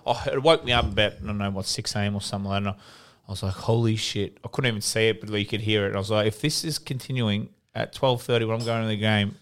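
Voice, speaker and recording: A man's voice: fairly low pitch, fast, few pauses. A young Australian man, an ex-footballer, telling stories in casual podcast chat, swearing freely. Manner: swears freely, animated storytelling. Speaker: podcast co-host, former footballer.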